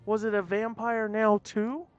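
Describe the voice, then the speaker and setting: A man voicing a cocky, excitable young male fire-wielding hero in a storybook reading. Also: high voice, a little slow, smooth, voice pushed up. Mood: brash. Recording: dull lo-fi audio, faint music.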